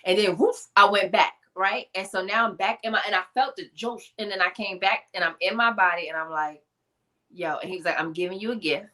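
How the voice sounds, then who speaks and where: A woman telling her personal testimony in an animated storytelling style, acting out voices and laughing often. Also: medium pitch, brisk. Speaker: guest, motivational speaker.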